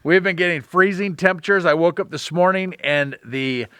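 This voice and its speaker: A man's voice: high voice, normal speed, pushed and bright, clear, resonant tone, dry recording, clean studio sound. A middle-aged man, homesteading vlogger, talking casually and rambling with folksy country sayings. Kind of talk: casual chat.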